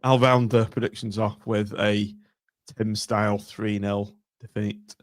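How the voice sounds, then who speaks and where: A man hosting a casual football podcast, briskly steering the talk and calling on each guest. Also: lowish voice, level tone, no room sound, studio quality. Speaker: podcast host.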